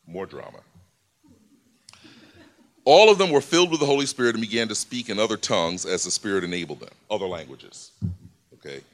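Low-voiced man preaching casually. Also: lively intonation, brisk, pauses often. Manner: casual, conversational teaching with many fillers. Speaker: pastor. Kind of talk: sermon. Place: church.

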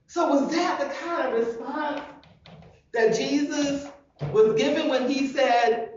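A woman's voice: high voice, slow, darkish tone, lo-fi sound. A woman pastor preaching a sermon, emphatic and full of rhetorical questions, recorded from a distance in a large church hall.

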